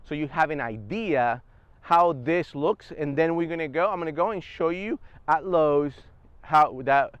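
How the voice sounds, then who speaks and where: A man's voice: fairly high pitch, a little slow, clean tone, no echo, dull audio. A man casually explaining service dog training step by step in a vlog, recorded on a clip-on wireless mic.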